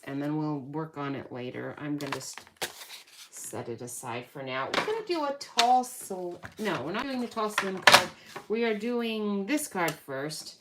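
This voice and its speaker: A woman hosting a card-making tutorial, chatting casually and thinking aloud as she works at her craft table. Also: fairly low pitch. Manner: chatty, thinks aloud, self-correcting, laughs at herself. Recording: loud background noise.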